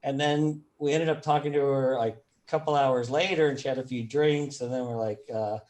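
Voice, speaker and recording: A man hosting an interview, talking in a relaxed, chatty way and laughing often. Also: mid-range voice, moderate pace. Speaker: podcast host. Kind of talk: casual interview chat.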